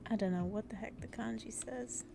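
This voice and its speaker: Creaky, easygoing woman streaming a game. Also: a little high, background noise. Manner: easygoing, quick to laugh. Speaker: livestream co-host. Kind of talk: casual gaming stream chat.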